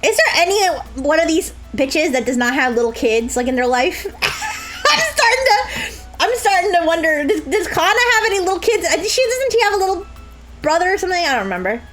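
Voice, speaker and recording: High, lively young woman streaming a game. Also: brisk, faint music behind, rough recording. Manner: crude joking, frequent laughing, mock sobbing. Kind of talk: live-stream gameplay commentary.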